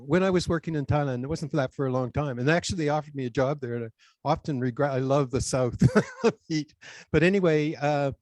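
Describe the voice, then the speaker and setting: A man speaking as a webinar guest on a video call, sharing a thought in an unhurried, reflective way. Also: on the high side, a little mellow, dry recording. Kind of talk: reflective anecdote.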